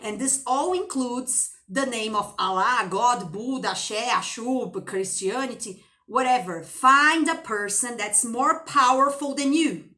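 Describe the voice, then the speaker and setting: A woman's voice: on the high side, a little slow, few pauses, bright, forceful tone. A woman teacher giving an impassioned motivational monologue to her channel's viewers, piling up rhetorical questions and calling them darling and baby. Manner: addresses viewers with endearments.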